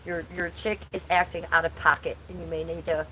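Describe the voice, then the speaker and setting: Woman in her forties hosting a home livestream, slightly low voice, blunt and crude, faint background noise. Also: flat delivery, a little fast, pushed and bright, low-quality recording. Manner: blunt, crude and chatty, reading chat aloud. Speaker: livestream host. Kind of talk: casual livestream chat.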